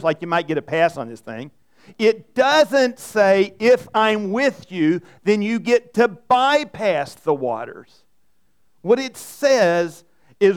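A man's voice: high voice, animated, measured pace, smooth. A male pastor preaching a sermon in an earnest way, often repeating words and restarting.

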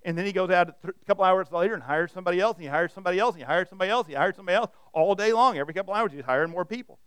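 High-voiced, smooth-toned male preacher. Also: very fast, fairly bright tone, no echo, studio quality. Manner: storytelling, repeats and restarts words. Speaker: pastor. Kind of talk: sermon. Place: church hall with audience.

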